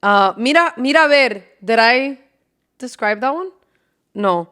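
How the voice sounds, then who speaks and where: Young female podcast host, high lively voice, unhurried, laughs a lot and curses casually. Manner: animated, laughing, swears freely. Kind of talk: casual solo podcast chat.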